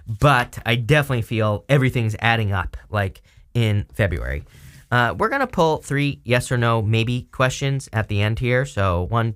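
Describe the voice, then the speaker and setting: A man's voice: mid-range voice, fairly bright tone. A man giving a casual tarot reading, rambling and chatty with lots of fillers. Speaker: tarot reader.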